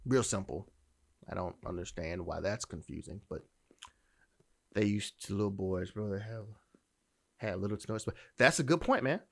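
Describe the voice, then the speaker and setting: A man's voice: on the low side, normal speed, vocal fry, long pauses. A male podcast host giving opinionated dating commentary in a blunt, profane, emphatic way, often restarting his sentences.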